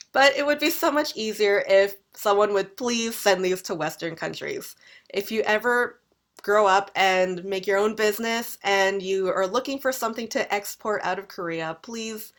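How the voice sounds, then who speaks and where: Canadian lady teacher doing an english lecture, models phrases with big exaggerated intonation, normal pitch. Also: moderate pace, a bit bright.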